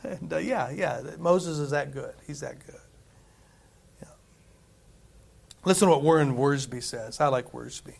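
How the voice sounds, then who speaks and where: A man's voice: on the high side, unhurried, creaky, long pauses, a little mellow, husky. A man preaching a conversational sermon, repeating phrases for emphasis. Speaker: pastor.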